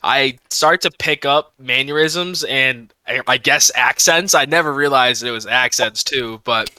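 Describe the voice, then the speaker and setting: A man's voice: medium pitch, a little slow, bright, forceful tone, clean tone, no room sound. A man hosting a podcast, chatty and self-deprecating, swearing casually. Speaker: podcast host. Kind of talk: casual chat.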